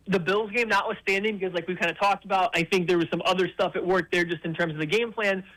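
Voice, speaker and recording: A man appearing as a guest analyst on sports talk radio, giving quick, confident football breakdowns. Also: sits high, a bit bright, low-quality recording.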